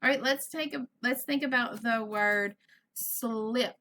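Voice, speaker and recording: Bright-voiced teacher sounding out words slowly. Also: female voice, on the high side. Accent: Southern US. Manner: slow, exaggerated sounding out of words for children. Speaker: first grade teacher. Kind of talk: virtual classroom lesson.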